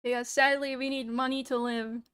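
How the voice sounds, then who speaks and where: A woman's voice: high-pitched, flat delivery, moderate pace, a bit bright, smooth, no room sound. A young woman streamer in casual livestream chat, ranting sarcastically and swearing freely into a close mic. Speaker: VTuber streamer.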